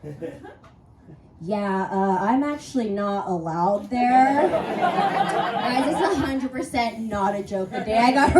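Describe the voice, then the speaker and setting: A young woman doing a stand-up comedy set, rambling and crude, giggling often through her confessional stories. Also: fairly high pitch. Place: comedy stage before a live audience. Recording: roomy, distant mic, faint audience noise.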